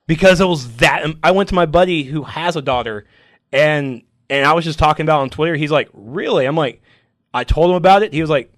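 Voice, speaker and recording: A man on a comic book podcast, chatting excitedly and emotionally, acting out scenes from the stories. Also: a little high, fast talker, no room sound, clean studio sound. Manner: emotional, animated, acts out comic scenes in voices. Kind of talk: excited casual chat.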